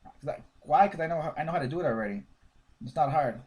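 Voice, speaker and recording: Animated man coaching on sales. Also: on the high side, fast talker. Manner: animated, acts out sales dialogues. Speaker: network marketing coach. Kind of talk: casual sales coaching talk.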